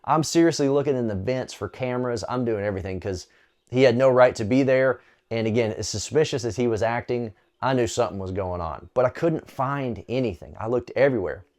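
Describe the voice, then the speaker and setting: A man recounting a personal testimony in a loose, chatty way. His voice sits at an ordinary, mid-range pitch, and he drifts through the story with easy fillers, like he is talking to a friend. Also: a little fast. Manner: conversational, relaxed, with frequent "uh" and "you know". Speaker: storyteller sharing a faith testimony. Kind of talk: casual spoken testimony.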